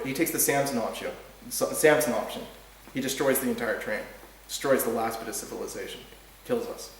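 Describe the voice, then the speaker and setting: A man's voice: mid-range voice, fairly even intonation, normal speed, slight background noise. A man hosting a talk show, talking in a heated, rambling way, often restarting words and swearing. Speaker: podcast host. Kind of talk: casual ranting monologue. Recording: very echoey room, distant mic.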